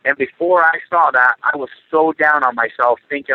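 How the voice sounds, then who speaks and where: A man's voice: a little high, moderate pace, no echo. A middle-aged man being interviewed, talking earnestly with lots of fillers and repetitions. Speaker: interview guest, former Olympic wrestler. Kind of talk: casual interview talk. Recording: dry tinny phone line.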